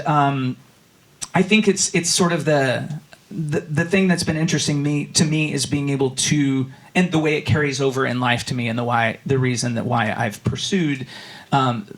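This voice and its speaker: A man giving a casual, conversational sermon as a guest speaker in a church, talking loosely with many fillers and restarts and voicing his inner thoughts. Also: medium pitch. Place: church sanctuary.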